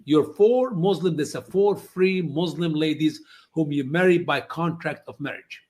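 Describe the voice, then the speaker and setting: Emphatic guy, pretty high voice, tells stories. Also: a little slow, a little mellow. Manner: non-native English, emphatic, acts out quoted voices high. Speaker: guest answering questions. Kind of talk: animated storytelling answers.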